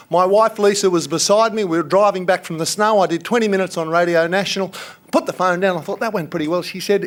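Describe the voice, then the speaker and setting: An Australian man in his fifties gives a rousing, jokey conference speech that sometimes gets loud with passion. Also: high-pitched. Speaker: keynote speaker.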